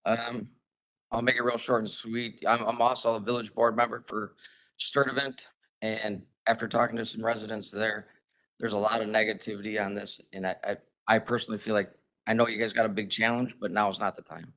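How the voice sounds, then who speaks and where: A man's voice: lowish voice, flat delivery, fairly quick, sharp tone. A man who serves on a village board, speaking informally and hesitantly during public comment.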